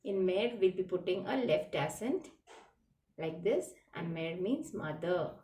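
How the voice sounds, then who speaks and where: Far from the microphone in an echoing room, a teacher leads children through French vocabulary slowly and patiently, spelling words out one letter at a time. Her middle-pitched voice is expressive and mellow.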